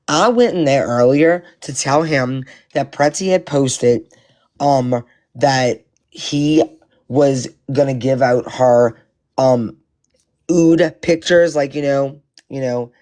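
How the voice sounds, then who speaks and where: A man giving casual commentary to his viewers, animated and profane, rambling with many restarts. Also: medium pitch. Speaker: live-stream commentator.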